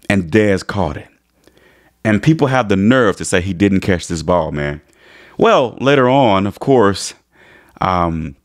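A man vlogging as a sports fan, talking emotionally with stammering restarts and dramatic retelling. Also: sits low.

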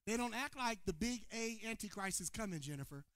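A preacher man delivers a sermon to a live congregation, his voice bright and cutting. He calls out to the room and trades loud shouted points for low, quiet asides. The sound is close and dry. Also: expressive, brisk, no room sound. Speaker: pastor. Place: church sanctuary before a congregation.

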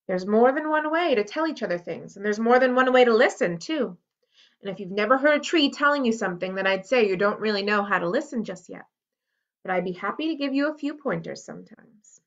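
A woman reading a children's novel aloud for a library, lively storytelling with character voices, on a dull lo-fi recording. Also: medium pitch, a little fast. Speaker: library read-aloud host.

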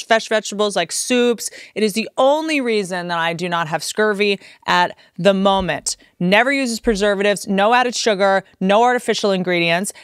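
A woman's voice: mid-range voice, clean tone, dry recording, clean studio sound. A woman in her thirties hosting a podcast, chatting casually with blunt, crude jokes. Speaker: podcast host. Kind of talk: casual chat and read ad.

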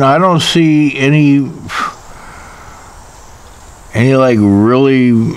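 Man, casual knife review, wry jokey asides, unhurried, faint background hiss. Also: mid-range voice.

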